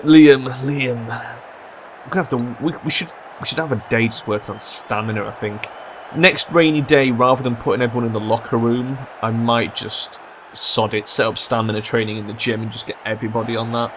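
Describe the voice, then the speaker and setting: A young man commentating his own football management game, swearing and yelling at his players when they mess up. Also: fairly low pitch, slight background noise. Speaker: gaming commentator. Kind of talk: let's play commentary.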